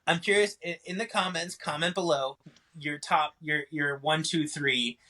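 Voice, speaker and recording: A man's voice: fairly high pitch, normal speed, sharp tone, low-quality recording. A young man hosting a casual podcast chat, joking and teasing his guests and swearing casually. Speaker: podcast host.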